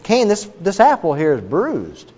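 A man playing God as a gently fussy lord who finds fault with every gift. The voice sits a little high and swoops in a lively way. It is heard through a dull recording with a long hall reverb. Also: measured pace, slightly rough, heavily acted. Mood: picky.

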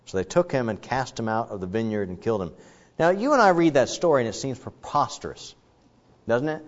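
A man's voice: mid-range voice, a little fast. Man preaching a sermon in a hall. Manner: conversational, rises to animated rhetorical questions. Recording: dull, reverberant hall sound.

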